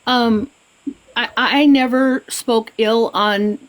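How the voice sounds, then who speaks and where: Upset woman, halting speech. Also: fairly high pitch, steady tone, poor audio. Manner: emotional, halting, repeats herself. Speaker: livestream participant. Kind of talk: heated livestream argument.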